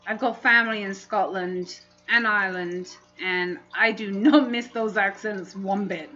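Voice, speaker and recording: A woman's voice: medium pitch, fairly even intonation, a little slow, sharp tone, dull audio, soft background music. A woman hosting a casual livestream, chatting and laughing often as she reads comments aloud. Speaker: livestream host.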